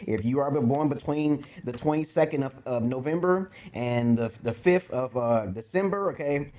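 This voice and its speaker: At a moderate pace and medium pitch, a man with a darkish tone gives dating advice from his home. He's a Brooklyn vlogger with a New York accent, chewing gum and rambling casually, bluntly, and profanely.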